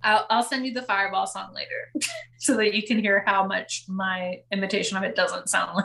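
A woman's voice: mid-range voice, normal speed, vocal fry. A young woman co-hosting a casual podcast, recapping a reality show, laughing often and acting out quotes. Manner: animated, laughing, acts out quotes. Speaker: podcast co-host.

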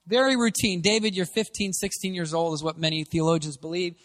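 A man preaching a sermon, moving from casual, conversational asides to loud, shouting exhortation. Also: high voice, steady tone, a little fast. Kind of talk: energetic sermon. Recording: long hall reverb.

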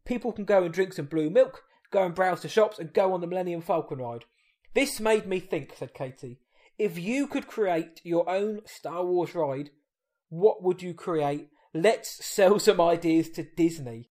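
A man co-hosting a fan podcast, playful and quick to joke, reading listener messages aloud. His voice sits a little higher than most men's. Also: animated, darkish tone. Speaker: podcast co-host. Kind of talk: casual chat.

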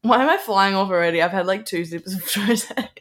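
A woman's voice: mid-range voice, brisk, fairly bright tone. A young woman co-hosting a podcast in casual chat, chatty and laughing often, acting out little quotes. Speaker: podcast co-host.

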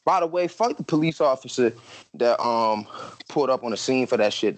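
A man's voice: medium pitch, animated, fairly quick, poor audio. A young man on a podcast telling a story in casual, profane slang and acting out his own quotes.

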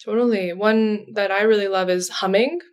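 A woman's voice: medium pitch, steady tone, moderate pace. Chatty woman explaining trauma healing. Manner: chatty, warm explaining with frequent "like" and light laughs. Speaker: trauma therapist guest. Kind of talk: casual podcast interview.

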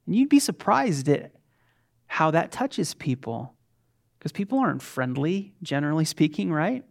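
A middle-aged man, a pastor, preaching an animated, conversational sermon with quick asides. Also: on the high side, gravelly.

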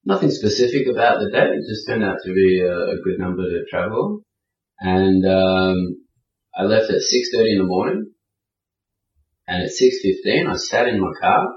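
Man, travel storyteller, animated delivery, acts out quotes, roomy echo, distant mic. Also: deep voice, moderate pace. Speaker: podcast guest, traveler. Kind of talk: casual storytelling. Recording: roomy, distant, dull sound.

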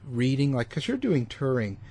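A man interviewing a guest, asking halting, hesitant questions full of fillers. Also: medium pitch, very animated, warm tone, husky. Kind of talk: casual interview.

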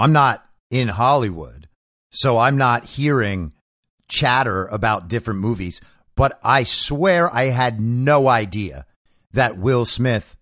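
A man's voice: mid-range voice, a bit bright, no echo, clean studio sound. A man hosting a commentary monologue, delivering his opinions in a sarcastic, mocking manner. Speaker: show host.

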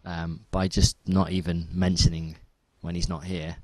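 Deep-voiced man, dry podcast banter. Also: little pitch movement, measured pace, darkish tone, no room sound. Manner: dry, low-key banter. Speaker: podcast co-host. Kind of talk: casual chat.

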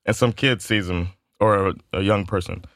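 A man's voice: deep voice, fairly even intonation, moderate pace, fairly bright tone, no room sound, studio quality. A man co-hosting a podcast in casual chat, a laid-back storyteller who laughs often and uses lots of filler words. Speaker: podcast co-host.

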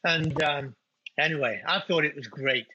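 A husky, bright-voiced middle-aged man with a Nottingham accent tells stories in an easy, rambling way. His delivery is forceful and slightly higher than most men's. The recording sounds dull and lo-fi. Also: moderate pace. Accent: English, Nottingham. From England. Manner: chatty, anecdotal, frequent uh fillers. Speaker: guest, winery owner. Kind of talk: casual interview chat. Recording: dull lo-fi audio.

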